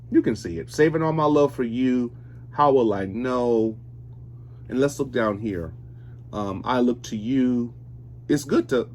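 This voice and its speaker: A man's voice: mid-range voice, a little mellow, slight background noise. A man in his forties chatting casually while unboxing records, rambling and often correcting himself mid-sentence. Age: 40s. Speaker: vinyl collector vlogger.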